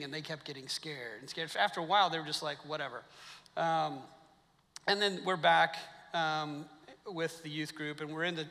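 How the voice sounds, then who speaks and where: Preacher guy, gravelly and bright, telling jokey stories in a big echoey church hall. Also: on the high side. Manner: jokey, animated storyteller acting out quotes. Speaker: pastor. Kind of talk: sermon with storytelling. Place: church sanctuary.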